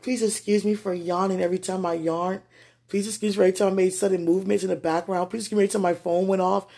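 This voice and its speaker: A freshly woken person gives a spontaneous spiritual message at home, speaking straight to God. The voice is husky and gravelly, with a rough edge. It leaps into excited outbursts, then sinks into soft murmuring. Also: medium pitch, quick pace. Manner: talks aloud to God, rambling and emotional; swings between excited bursts and quiet murmurs. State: just woken from sleep. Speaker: spiritual vlogger.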